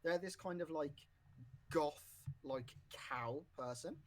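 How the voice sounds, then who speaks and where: A man's voice: fairly high pitch, slow pace, slight background noise. A man co-hosting a casual podcast, rambling with lots of fillers and restarts, currently with the hiccups. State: has the hiccups. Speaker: podcast co-host.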